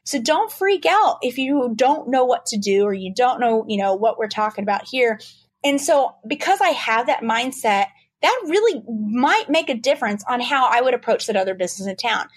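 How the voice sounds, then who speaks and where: A woman lawyer explaining trademark issues quickly and animatedly in a casual podcast interview. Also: a little high, husky, dry recording. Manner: fast-talking, animated, explanatory.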